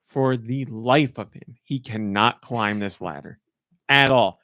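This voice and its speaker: A man's voice: medium pitch, slow pace, pushed and bright, no echo, clean studio sound. A man hosting a casual podcast, telling a family story animatedly and acting out quotes in a raised voice. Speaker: podcast host.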